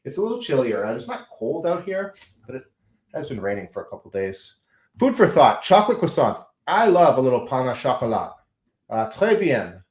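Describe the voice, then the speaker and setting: A man chatting casually and musing out loud on a late-night livestream from his off-grid farm, slightly stuffy with a runny nose. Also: mid-range voice, sing-song, moderate pace. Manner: rambling, musing, self-mocking asides. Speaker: off-grid homesteader streaming live. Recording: roomy echo.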